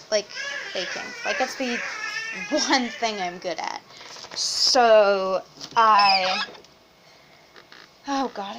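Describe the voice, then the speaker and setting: A woman's voice: medium pitch, very noisy. Ranting young woman with a strained voice. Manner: rambling, swears freely, frequent fillers. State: voice strained from a sore throat, sometimes drops to a whisper. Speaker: vlogger. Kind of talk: casual venting chat. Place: at home with her baby nearby.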